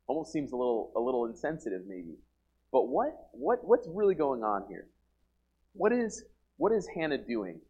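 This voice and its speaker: A man's voice: medium pitch, big pitch swings, moderate pace, breathy edge, muffled recording. Earnest man preaching, with frequent restarts. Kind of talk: sermon.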